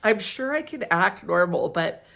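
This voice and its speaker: A woman's voice: mid-range voice, sing-song, a little slow, vocal fry, a bit bright. A middle-aged woman casually reviewing perfumes in a chatty, giggly, gushing way. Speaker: fragrance reviewer.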